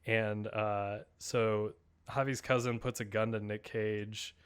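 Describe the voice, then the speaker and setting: A man's voice: on the low side, flat delivery, takes it slowly, clean tone. A man co-hosting a podcast, chatting casually and enthusiastically with lots of fillers and restarts. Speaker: podcast co-host. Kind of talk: casual chat.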